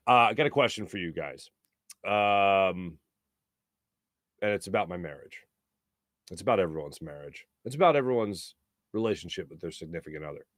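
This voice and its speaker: Chatty sports-talk host, dry sound. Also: male voice, low-pitched, no echo. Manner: chatty, jokey, laughs often. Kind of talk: casual sports talk show.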